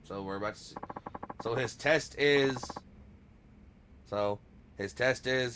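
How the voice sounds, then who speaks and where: A man's voice: sits low, fairly even intonation, moderate pace, a bit bright, a little hiss or hum. A man hosting a let's play, giving crude, joking gameplay commentary.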